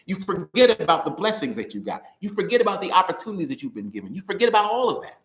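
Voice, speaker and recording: A young man preaching in a loose, conversational way, his pitch leaping around as he laughs and acts out little scenes. His voice is bright, and it rings in a roomy, echoey space. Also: very fast, few pauses. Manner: animated and playful, laughing often, acting out voices. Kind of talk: conversational sermon. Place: church hall. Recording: roomy echo.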